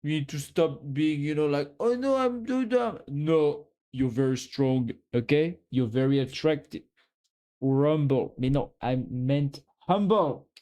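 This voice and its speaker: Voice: medium pitch, fairly even intonation, a little slow, warm tone. A streamer with a French accent, chatting casually on a live stream and teasingly giving a viewer a pep talk.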